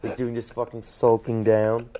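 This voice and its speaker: A man's voice: medium pitch, monotone, moderate pace, dark tone. A man with a Southern American accent hosts a loose comedic interview. He fires off goofy, playful questions and laughs easily at his guest. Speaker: comedian host.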